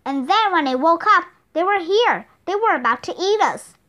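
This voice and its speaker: A woman's voice: extremely high pitch, expressive, normal speed, exaggerated voice. A woman reading the part of a brave, anxious young boy in a children's storybook, with urgent, raised lines. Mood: earnest. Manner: urgent shouting.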